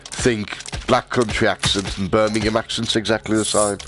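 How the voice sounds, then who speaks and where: A man's voice: fairly low pitch, little pitch movement, normal speed, noisy background. Chatty man streaming a game. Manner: rambling, chatty, laughs often, restarts words. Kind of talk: casual chat while streaming a VR game.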